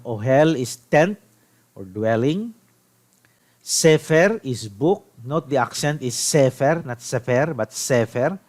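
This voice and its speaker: A middle-aged Filipino-accented man gives a recorded language lecture at a very unhurried pace. His voice sits at an ordinary pitch for a man. He stops often to restart a phrase as he explains. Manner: slow, halting explanations with many restarts. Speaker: teacher of biblical Hebrew.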